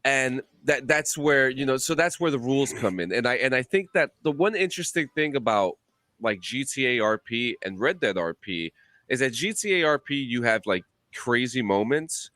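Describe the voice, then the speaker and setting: Profane animated man telling a story. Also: medium pitch, moderate pace, no room sound. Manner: animated, profane, rambling with restarts. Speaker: podcast co-host. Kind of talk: casual storytelling chat.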